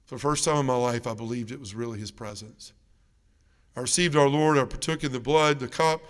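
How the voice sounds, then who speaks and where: A middle-aged man tells his own story to a congregation, earnest and unhurried, slipping into the voices of the people he met. His tone sits a little high for a man, smooth and resonant, and a long reverb from the big church trails behind every phrase. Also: a bit bright. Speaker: parish mission speaker giving testimony. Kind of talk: testimony talk to a church congregation. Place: large church.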